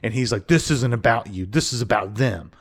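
A man in casual podcast chat, telling a story with lively energy. He acts out each quote and swears freely. His voice sits at a middle pitch. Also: brisk. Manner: animated, acts out quotes with profanity. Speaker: podcast co-host.

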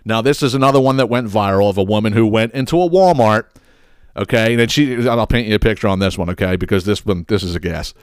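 A man's voice: fairly low pitch, fast, smooth, no room sound, studio quality. A man hosting a podcast, ranting about viral clips in a sarcastic, blunt and profane way. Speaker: podcast host.

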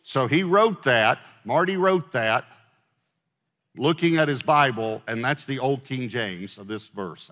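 A man's voice: mid-range voice, measured pace, a bit bright. A middle-aged man preaching a sermon as pastor, in a casual conversational way, asking the congregation questions and joking with them. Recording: long hall reverb.

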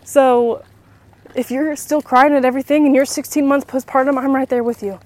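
A woman in her twenties hosts a casual podcast while walking around her neighborhood outdoors, slightly out of breath. Her voice is high and steady at a normal speed, and she's chatty and rambling with lots of fillers.

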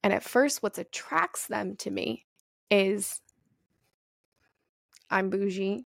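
Gravelly-voiced woman hosting a candid podcast. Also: mid-range voice, slow pace, no room sound, studio quality. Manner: candid, profane, animated storytelling. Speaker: podcast host. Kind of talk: casual solo podcast monologue.

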